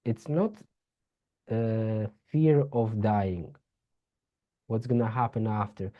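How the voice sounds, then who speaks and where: A speaker giving a slow, reflective webinar talk over a video call, searching for words and laughing softly now and then. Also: mid-range voice, dull audio.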